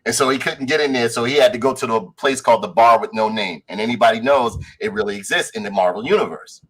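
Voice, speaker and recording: A man's voice: medium pitch, quick pace, fairly bright tone, breathy edge, low-quality recording. A man co-hosting a casual pop-culture podcast, retelling a show scene by scene and acting out the characters' lines, swearing freely. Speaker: podcast co-host. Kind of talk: casual chat reviewing a show.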